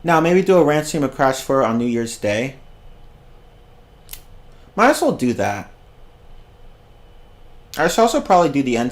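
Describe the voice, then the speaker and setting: Giggly young man ranting on stream. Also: medium pitch. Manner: rambling, keeps breaking into giggling fits; swears casually. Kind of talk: casual livestream rant.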